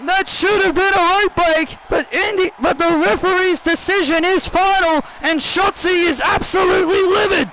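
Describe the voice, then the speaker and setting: A man giving excited play-by-play commentary on a wrestling video game, often repeating and restarting his phrases. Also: very high-pitched, normal speed, hardly any pauses, noisy background. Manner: repeats and restarts phrases, shouts at big moments.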